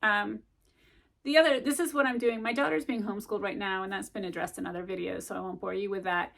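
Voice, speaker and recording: A woman's voice: medium pitch, steady tone, fast, gravelly, a bit bright. A middle-aged woman chatting casually to camera as a vlogger, rambling with lots of ums and likes as she gives study tips.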